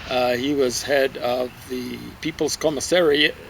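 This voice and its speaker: A man's voice: medium pitch, steady tone, measured pace, noisy background. A man giving a casual spoken book review, rambling and stumbling over foreign names. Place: outdoor garden.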